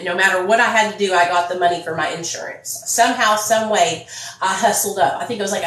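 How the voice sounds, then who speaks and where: A woman's voice: fairly low pitch, fairly bright tone, reverberant, a little hiss or hum, low-quality recording. A woman telling her own story to viewers in a casual, blunt, profane vlog. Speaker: vlogger.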